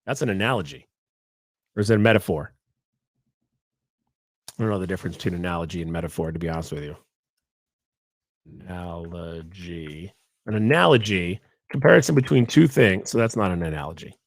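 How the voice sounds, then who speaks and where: A man hosting his podcast alone, swinging his pitch up and down as he rambles through jokey asides. The sound is close and dry, with no room around him. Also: expressive, fast talker, vocal fry, pauses often, no room sound. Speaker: podcast host. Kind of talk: casual monologue.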